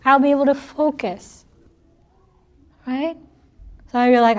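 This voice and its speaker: A woman's voice: sits high, lively intonation, slow, pauses often. A middle-aged woman giving an informal spiritual talk to an audience, chatty and joking, laughing often between her points.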